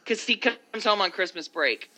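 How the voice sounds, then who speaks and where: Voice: mid-range voice, lively intonation, normal speed, pushed and bright. A podcast co-host in casual chat, swearing freely and trailing off mid-thought.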